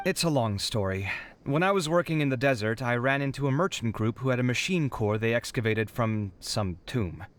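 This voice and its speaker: A man's voice: mid-range voice, lively intonation, moderate pace, natural voice. An actor playing a weary, put-upon young male architect in a video game, given to sighs and exasperated complaints. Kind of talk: game dub voice acting. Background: faint game music.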